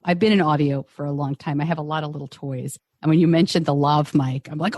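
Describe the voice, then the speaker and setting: A woman hosting a podcast, talking in a chatty, animated way and laughing often, recorded on a desk mic at home. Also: low voice, a little fast, hardly any pauses, no echo, studio quality. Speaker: podcast host. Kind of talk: casual group chat. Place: home studio. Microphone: desk microphone on a stand.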